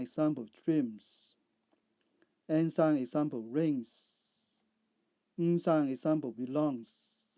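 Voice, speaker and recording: Slow, deliberate male pronunciation teacher. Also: a little high, warm tone, no echo. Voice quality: measured, deliberate word-by-word delivery. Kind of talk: slow instructional narration over slides.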